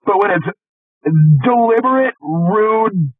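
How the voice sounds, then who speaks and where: Through a dry, tinny, lo-fi recording that sounds phone-like, a podcast co-host with a high, expressive voice speaks slowly. He's telling a heated, profanity-laced work story in a casual chat, stammering and restarting along the way.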